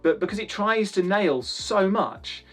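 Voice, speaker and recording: A man's voice: sits high, animated, a little slow, a bit bright, soft background music. A man from the UK giving a chatty, rambling spoken review of hi-fi speakers, with lots of restarts and fillers.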